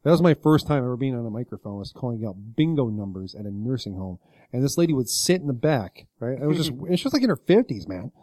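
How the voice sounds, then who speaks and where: Man podcast co-host, rapid storyteller, self-mocking, dry close sound. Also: mid-range voice, very animated, dark tone, no room sound. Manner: rambling storyteller, self-deprecating, swears casually. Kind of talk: casual podcast chat.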